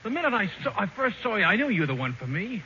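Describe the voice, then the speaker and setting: An eager, lovesick young suitor pleads in a lively, slightly high voice. It comes through a dull, hissy old radio broadcast. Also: male voice, fast talker, heavily acted. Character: shy, lovesick young man. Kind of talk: 1940s radio comedy acting.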